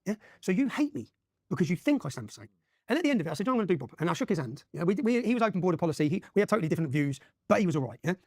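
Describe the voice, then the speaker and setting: A man's voice: high voice, very animated, rapid-fire, a little mellow, no room sound, clean studio sound. A man from Luton, telling his own story as an interview guest, emphatic and often checking in with "yeah?". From Luton, England. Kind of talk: animated personal storytelling.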